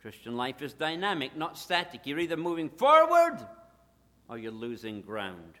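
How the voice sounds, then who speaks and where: A man preaching a sermon, emphatic, swinging between loud declarations and hushed asides. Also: fairly high pitch, very animated, normal speed, in a large hall.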